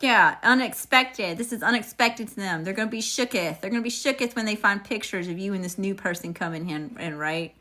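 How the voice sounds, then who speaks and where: Bright-voiced woman reading tarot live, chatty, shouts out to viewers. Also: medium pitch, fairly quick, few pauses. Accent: regional accent, unnamed. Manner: chatty, greets viewers, upbeat exclamations. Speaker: tarot reader.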